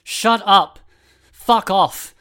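A man's voice: mid-range voice, level tone, measured pace. A man doing a sullen, hostile masked boy. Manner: shouting, sullen, crude.

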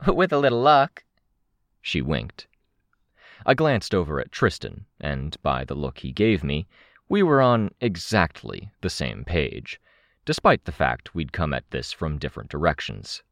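Deep, slow, expressive male narrator for fiction. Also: no echo, clean studio sound. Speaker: audiobook narrator. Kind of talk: first-person fiction narration.

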